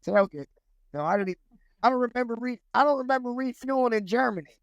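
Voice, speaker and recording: A man's voice: very high voice, lively intonation, quick pace, gravelly, no echo, lo-fi sound. A man, telling a long, rambling story as an interview guest, restarting sentences and acting out quotes. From United States. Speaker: guest, former Army Ranger.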